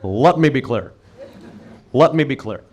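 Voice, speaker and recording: A man doing an impression of a famous male politician in a stand-up set, speaking slowly and deliberately with emphatic repetition. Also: mid-range voice, lively intonation, husky, voice pushed down. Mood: measured.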